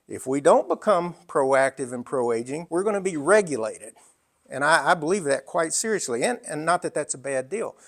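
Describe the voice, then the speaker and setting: An older man speaks in a somewhat high-pitched voice. He tells stories and makes his business points in a lively, conversational way. His talk is full of asides and quick restarts. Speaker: entrepreneur giving a talk.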